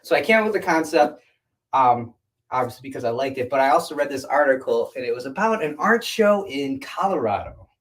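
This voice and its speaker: A man's voice: mid-range voice, lively intonation, fairly quick. A man who is a guest artist, chatting casually and in a laid-back, rambling way about his art show. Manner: laid-back, rambling, lots of "like" and "you know". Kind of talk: casual interview chat.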